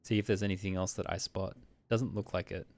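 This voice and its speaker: A man streaming a visual novel, reading its narration briskly and muttering asides while laughing at himself. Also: sits low, flat delivery, a little mellow.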